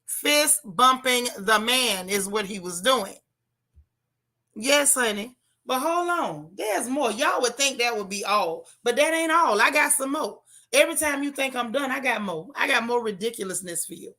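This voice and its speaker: A woman hosting a livestream from her car, giving sassy, animated commentary and reading viewer chat aloud. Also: on the high side, moderate pace. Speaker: livestream host. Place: in a car while driving.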